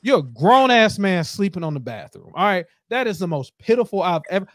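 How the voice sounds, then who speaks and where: A man hosting a podcast, ranting in casual chat, animated and heavy with profanity. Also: high voice, a little fast, dry recording, clean studio sound. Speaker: podcast host.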